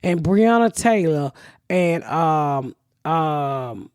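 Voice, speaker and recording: A woman's voice: deep voice, lively intonation, drawn-out words, a little mellow, clear, resonant tone, dry recording, studio quality. A woman hosting a podcast who tells stories in a blunt, profane way. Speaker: podcast host. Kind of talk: casual podcast chat.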